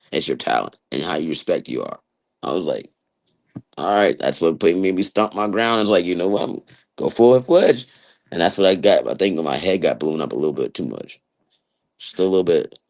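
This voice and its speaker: Low voiced guy rambling a story, really swingy pitch, laughs a lot. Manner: rambling, animated, laughs between lines. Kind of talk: casual storytelling chat.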